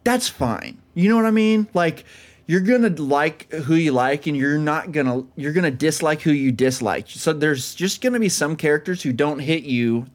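A man's voice: on the high side, normal speed. A man co-hosting a podcast, chatting casually and enthusiastically about films, often calling his friend dude. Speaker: podcast co-host.

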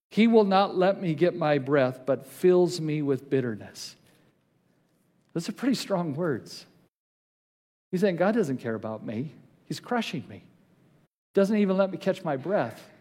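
A man preaching a sermon, reading scripture aloud and slowing down on key words for emphasis. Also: a little high, animated, darkish tone. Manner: reads scripture aloud with rising intensity, slows for emphasis. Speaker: pastor.

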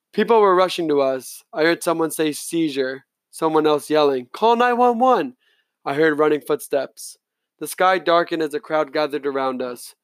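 A man reading an audiobook in steady, first-person narration. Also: on the high side, no room sound.

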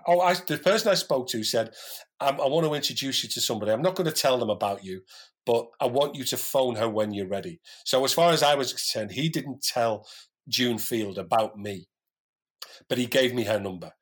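A man's voice: medium pitch, brisk, breathy edge. A man guest on a podcast, earnestly telling a personal story in casual chat with many restarts. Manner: earnest, talks in restarts and asides.

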